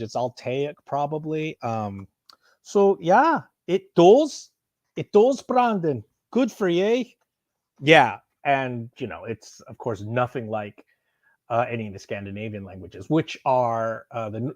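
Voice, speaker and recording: A man chatting casually on a live stream while unboxing, excitable and rambling, swearing freely. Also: medium pitch, dry recording, clean studio sound. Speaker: streamer unboxing and answering chat.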